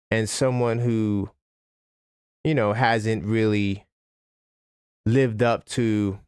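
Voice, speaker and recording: A man hosting a live sports talk stream, ranting casually with lots of fillers and sudden jumps in pitch. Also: clear, resonant tone, no room sound, clean studio sound. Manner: animated, conversational, frequent fillers. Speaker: sports talk livestream host.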